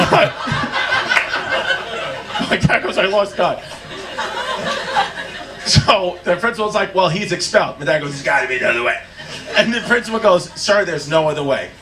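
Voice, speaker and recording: A man doing stand-up, telling a story loudly with frequent laughter and a drunken slur. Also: high-pitched, lively intonation, normal speed, pauses often. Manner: loud, laughing, drunken delivery. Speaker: stand-up comedian. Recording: comedy club recording with ambience.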